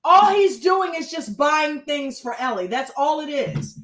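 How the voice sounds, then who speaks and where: A woman's voice: high-pitched, expressive, unhurried, fairly bright tone, echoey room, rough recording. A woman hosting a casual reality TV recap, blunt and chatty, swearing freely. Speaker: reaction show host.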